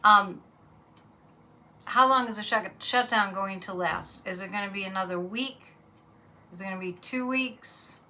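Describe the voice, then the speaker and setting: A woman's voice: medium pitch, measured pace, long pauses, bright, forceful tone, poor audio. A woman reading tarot cards in a casual, blunt, chatty monologue. Her voice rises sharply when she is incredulous. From Massachusetts. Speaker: psychic reader.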